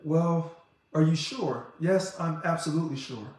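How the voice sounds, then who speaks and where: Man, fairly high voice, fervent address, heavy room echo. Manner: passionate, talks fast and loud when excited. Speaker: organization president. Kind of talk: impassioned monologue. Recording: very echoey room.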